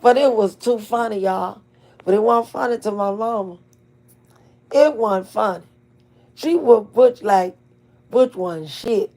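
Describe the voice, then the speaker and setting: A middle-aged woman telling a family story to her viewers in a casual, animated, folksy way, cursing freely. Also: fairly high pitch. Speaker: channel host.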